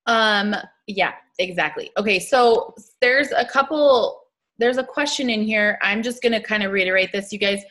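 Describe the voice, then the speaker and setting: Bright, upbeat young woman leading her team. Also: mid-range voice, normal speed. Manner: chatty, upbeat, laughs often. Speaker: team leader hosting a live video. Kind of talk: casual motivational live stream.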